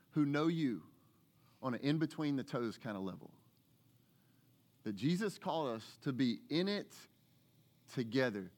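A man, preaching a sermon as lead pastor, animated and acting out the voices of the people he talks about. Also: fairly high pitch. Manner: animated preacher, acts out voices, rises to excited shouts.

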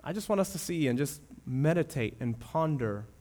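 A man preaching a sermon as pastor, moving between loud emphatic declarations and hushed, reverent passages. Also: a little high, expressive, normal speed.

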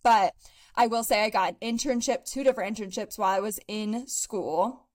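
Speaking at a moderate pace with a medium pitch, a young woman co-host keeps the podcast talk casual and upbeat. She laughs a lot and sounds slightly out of breath.

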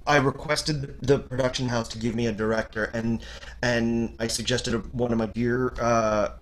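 A man's voice: mid-range voice, normal speed, slight background noise. A man from Canada, an audiobook narrator, chatting as a guest and telling stories with lots of restarts. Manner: rambling, many restarts, animated when telling stories. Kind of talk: casual interview chat.

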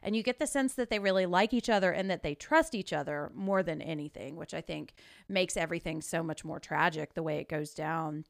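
Here a gravelly, low-voiced woman co-hosts a laid-back film podcast, her speech flowing quickly and eagerly, packed with "like" fillers. It's a clean studio recording without any echo.

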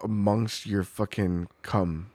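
A man's voice: lowish voice, fairly even intonation, takes it slowly, a little mellow, no room sound. A man co-hosting a podcast in casual chat, profane and rambling, laughing often. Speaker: podcast co-host.

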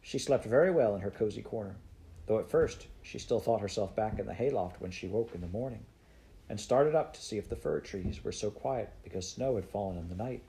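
Low-voiced man reading a storybook. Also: a little fast, creaky, mellow, rough recording. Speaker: audiobook narrator.

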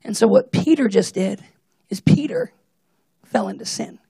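A man preaching a casual, jokey sermon to a church, acting out Bible characters with lively asides. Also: sits high, normal speed, husky, dry recording.

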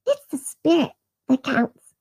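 A woman voicing a kindly Christmas angel ornament that comes to life, speaking gently and reassuringly. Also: high voice, very animated, a little slow, pitched above the performer's own voice, exaggerated voice. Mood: gentle. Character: kindly chubby-faced angel ornament come alive.

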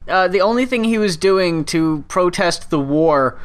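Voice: mid-range voice, lively intonation, unhurried, smooth. A speaker in casual conversation, making dry, sarcastic remarks and telling stories with some filler hesitations. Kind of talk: casual chat.

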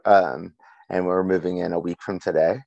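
Young male co-host, low voice, dry close sound, chatty storyteller who laughs a lot. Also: steady tone, normal speed, vocal fry, darkish tone, dry recording, dull audio. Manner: laughs through a storytelling rant. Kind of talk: casual chat.

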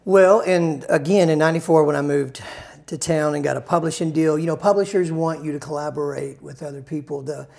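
A man's voice: a little high, brisk, creaky, darkish tone. A male songwriter in a casual interview, rambling through stories with restarts and self-deprecating humor.

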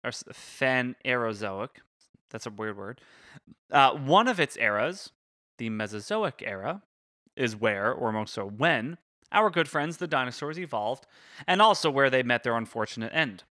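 A man's voice: medium pitch, lively intonation, normal speed, bright, forceful tone, no echo, studio quality. A man co-hosting a podcast, walking through a topic in casual chat and often stopping to correct his pronunciation of big words. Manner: explains step by step, stumbles over and corrects big words. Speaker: podcast co-host presenting the topic.

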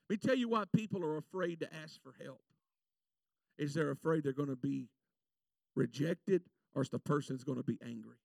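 A man, preaching a fervent sermon and telling folksy stories, stretching out scripture verses slowly. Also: on the high side, animated, vocal fry, a little mellow, no echo. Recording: voice from a distance from the mic, dry sound.

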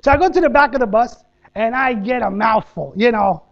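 A male pastor who immigrated as a child, preaching a sermon built around a personal story. He tells the story with lively energy and drops to soft, intense tones to drive his points home. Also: very high-pitched, a little fast, vocal fry. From immigrant to the United States. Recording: dull lo-fi sermon recording with hum.

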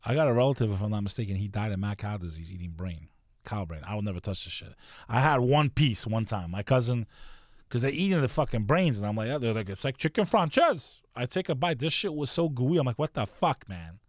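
A man telling stories in casual chat, swearing constantly and talking in a loose, animated way. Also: on the low side, quick pace, no room sound, clean studio sound. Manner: profane, storytelling, animated.

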